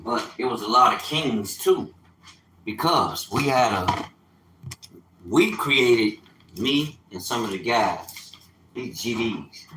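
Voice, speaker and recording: A man in his fifties telling stories on a casual livestream, animated and streetwise, with sudden loud outbursts. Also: mid-range voice, slow, long pauses, reverberant, slight background noise, rough recording. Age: 50s. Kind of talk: casual storytelling.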